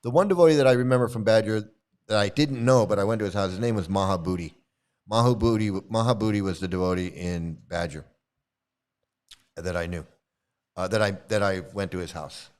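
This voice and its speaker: A middle-aged man with a low, smooth voice tells a loose, rambling story to his viewers. He chuckles often, restarts his sentences, and slips into the voices of the people he quotes. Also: fairly quick, a little mellow. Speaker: commentary video host, former devotee. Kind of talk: casual storytelling monologue.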